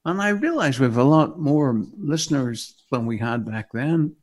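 Northern irish pastor guy preaching, heartfelt and emphatic, swings loud then soft. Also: medium pitch, lively intonation, moderate pace. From Northern Ireland. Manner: emphatic and heartfelt, rising and falling. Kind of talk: preaching a radio sermon.

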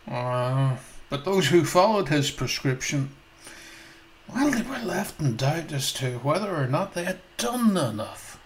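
Animated, slow-spoken male preacher. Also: a little high, a little hiss or hum, poor audio. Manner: animated, emphatic, asks listeners questions. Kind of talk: sermon storytelling.

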